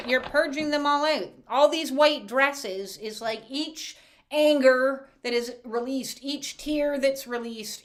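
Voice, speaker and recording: A woman doing a casual spiritual oracle card reading, animated, laughing often and using many filler sounds. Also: sits high.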